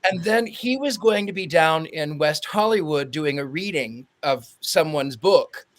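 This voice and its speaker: Brief: a fairly high-voiced man, animated podcast storyteller. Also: measured pace. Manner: animated storyteller, acts out quotes. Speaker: podcast co-host. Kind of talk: casual chat.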